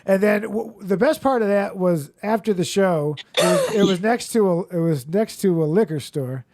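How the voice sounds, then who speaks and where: A man's voice: sits high, animated, moderate pace, a little mellow. An enthusiastic man hosting a comedy podcast in casual chat. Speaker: podcast host.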